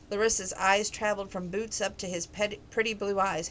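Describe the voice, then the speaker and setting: A woman's voice: mid-range voice, steady tone, normal speed, a bit bright, slight background noise, poor audio. A woman casually reading a novel aloud, with slips and self-corrections. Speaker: reader.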